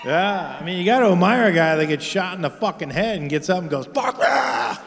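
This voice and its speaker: Man, stand-up comedian, crude, profane, mocking, slightly high voice, live hall reverb. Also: fast, background noise. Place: large comedy venue with live audience.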